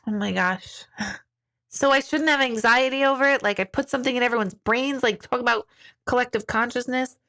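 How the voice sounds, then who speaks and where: A woman in her forties hosts a casual live stream, candidly reading viewer comments aloud and acting out quotes with big leaps in pitch. She speaks fairly quickly in a fairly bright tone.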